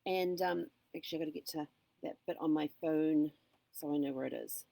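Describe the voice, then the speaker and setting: A woman's voice: low voice, steady tone, brisk, creaky, mellow, no room sound. A woman chatting casually and upbeat on a live stream, with frequent ums and asides, talking into a phone. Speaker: vlogger.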